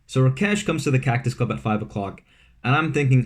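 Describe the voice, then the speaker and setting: A man's voice: mid-range voice, animated, quick pace. A young man from Vancouver, telling a casual storytime at home, full of fillers and asides. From Vancouver, Canada. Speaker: vlogger. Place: his room at home.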